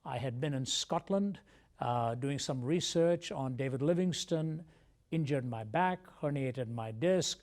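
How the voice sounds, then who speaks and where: A man from India, a guest on a TV interview show, telling his life story in a measured, earnest way. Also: mid-range voice, animated, darkish tone.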